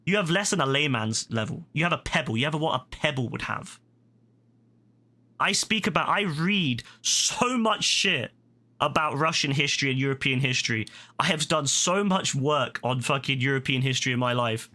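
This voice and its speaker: A man's voice: medium pitch, expressive, moderate pace, bright, forceful tone. A British man livestreaming a game, ranting heatedly at a viewer in chat, profane and repetitive. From Britain. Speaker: gaming livestreamer. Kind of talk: angry rant at a chat viewer.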